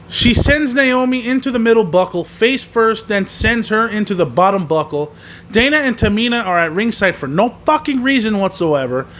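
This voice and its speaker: A man's voice: high-pitched, a bit bright, a little hiss or hum. A man hosting a wrestling podcast, recapping a show and ranting angrily with constant swearing. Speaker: podcast host reviewing wrestling. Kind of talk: profane rant recapping a show.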